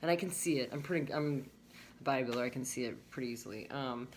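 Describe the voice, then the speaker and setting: A woman's voice: a bass voice, fast talker, a little hiss or hum. A young adult woman talking candidly to her viewers in a casual vlog, swearing freely as she goes through a list point by point. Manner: candid, swearing freely, lists items and reacts to each. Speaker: vlogger. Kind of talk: casual chat to camera.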